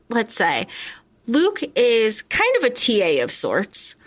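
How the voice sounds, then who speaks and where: A woman's voice: on the high side, fairly bright tone. A woman co-hosting a podcast, talking casually about a book in a chatty way with many fillers. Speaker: podcast co-host.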